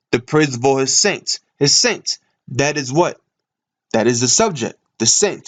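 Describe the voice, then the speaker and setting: A man's voice: mid-range voice, lively intonation, moderate pace, a bit bright. A man giving a Bible lesson from his computer screen, asking and answering his own questions as he reads. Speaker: Bible teacher. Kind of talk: screen-share scripture lesson.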